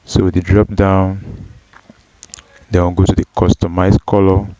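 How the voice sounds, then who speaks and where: A man with a very low, mellow voice guides viewers through a spreadsheet task at an unhurried pace. He pauses often with ums and corrects himself as he goes. The recording is dry and slightly dull. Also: monotone, no room sound. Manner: slow, step-by-step with frequent ums and self-corrections. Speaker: data analysis tutor. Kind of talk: screen-recorded software tutorial.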